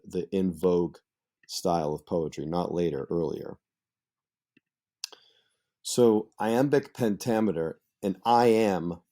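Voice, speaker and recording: A man's voice: sits low, warm tone. A man teaching a literature lesson in a conversational, explanatory way, with frequent fillers and asides. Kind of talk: explanatory lecture.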